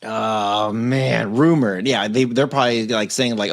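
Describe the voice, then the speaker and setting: A man's voice: on the low side, measured pace, no echo. A man co-hosting a tech-news podcast, chatting casually, joking and cursing freely. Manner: loose, joking, laughs often, swears. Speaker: podcast co-host.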